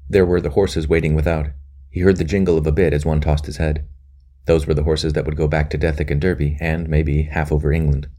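A man narrating a historical novel, measured and earnest. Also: rumbling low, flat delivery, warm tone. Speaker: audiobook narrator. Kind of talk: scripted narration.

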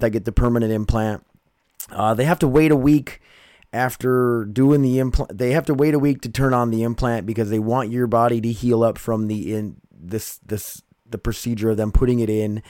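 A man's voice: mid-range voice, steady tone, moderate pace, mellow, no room sound. Rambling man on a dry podcast mic. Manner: rambling, loose, keeps saying "you guys" and "dude". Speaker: podcast host. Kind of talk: casual late-night podcast monologue.

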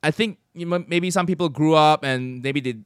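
A man's voice: on the high side, moderate pace, clear, resonant tone, no room sound, clean studio sound. A man being interviewed as a comedian guest, chatty and self-deprecating, laughing often in casual conversation.

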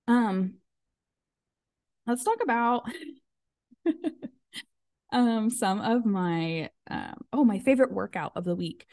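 A woman's voice: fairly high pitch, lively intonation, slow, long pauses, a little mellow, no room sound, studio quality. A woman in her thirties hosting a podcast, chatting casually and filling her talk with "um" and "like". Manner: chatty, full of fillers and "like". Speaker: podcast host. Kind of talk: casual chat.

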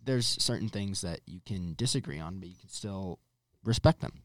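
A young man chats loosely in a casual faith discussion, full of little fillers and restarts. His middle-pitched voice sounds dry and close to the mic, with no room around it. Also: normal speed, no room sound. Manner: chatty, loose, with many fillers.

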